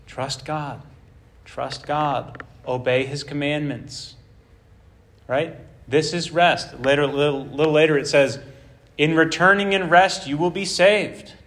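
A man with a somewhat high voice leads a verse-by-verse Bible teaching. He talks conversationally, stopping to ask his listeners whether it makes sense, and he repeats key phrases for emphasis. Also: a bit bright, a little hiss or hum. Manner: conversational, checks in with rhetorical questions.

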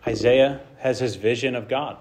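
A man preaching a sermon with passion, swinging between loud bursts and hushed lines and acting out the quotes he tells. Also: mid-range voice, moderate pace.

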